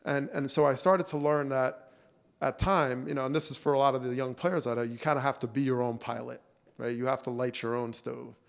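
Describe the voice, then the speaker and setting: A man in his forties giving a relaxed, storytelling keynote at a banquet, talking conversationally and often adding "you know" and "right?". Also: mid-range voice, brisk, gravelly. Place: banquet hall. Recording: long reverb of a banquet hall.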